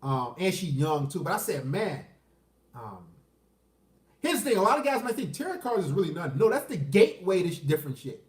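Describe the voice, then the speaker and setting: A man's voice: a little high, big pitch swings, brisk, far from the mic. Ranting man with a roomy echo. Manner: crude, ranting, answers chat questions. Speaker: dating commentary streamer. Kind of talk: unscripted livestream rant.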